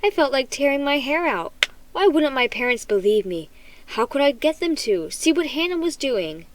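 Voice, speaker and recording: A woman reading a children's horror book aloud in an expressive, dramatic manner. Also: sits high, moderate pace, a little hiss or hum, rough recording. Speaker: storybook reader.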